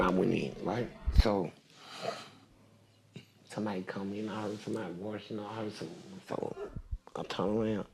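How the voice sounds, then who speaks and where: Gravelly older man telling a story. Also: mid-range voice, a little hiss or hum. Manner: profane, animated storyteller. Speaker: interview guest.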